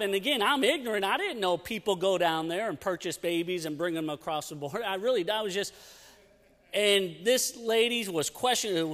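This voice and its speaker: Middle-aged guy preaching, telling a story all animated, kinda high voice, big church echo. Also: a little fast. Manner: animated, storytelling with lots of restarts. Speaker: youth pastor. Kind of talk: storytelling sermon. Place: church sanctuary. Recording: long church hall reverb.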